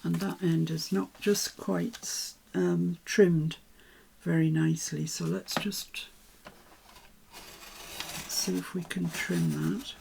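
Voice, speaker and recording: A woman chatting casually to herself as she works on a papercraft project, with soft asides. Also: lowish voice, little pitch movement, slow pace, creaky, slight background noise. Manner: chatty, self-talking while working, soft asides. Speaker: papercraft vlogger. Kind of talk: casual crafting commentary.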